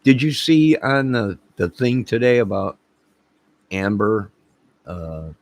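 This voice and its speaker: On his own channel, a man tells a rambling comic anecdote to camera, acting out the quotes and laughing at his own jokes. His lowish voice has a darkish tone, and he's animated but takes it slowly.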